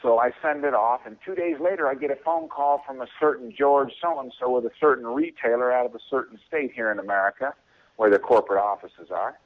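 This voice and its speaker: A man calls in to a radio show and tells a long story at a relaxed, mid-range pitch. He chuckles between lines and acts out what people said to him. The phone line sounds muffled and dull. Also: fairly quick. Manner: chuckling, acts out quoted voices. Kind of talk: casual storytelling.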